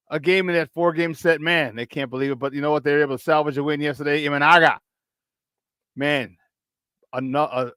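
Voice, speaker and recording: A man's voice: fairly high pitch, fairly even intonation, a little fast, pushed and bright, smooth, no room sound. A man hosting a casual morning sports talk show, upbeat and chatty, often repeating himself and laughing.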